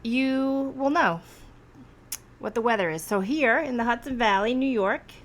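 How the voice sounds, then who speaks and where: A woman's voice: fairly high pitch, animated, unhurried. A woman hosting a podcast, chatting in a rambling, casual way and laughing often. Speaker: podcast host. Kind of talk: casual chat. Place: Hudson Valley, New York.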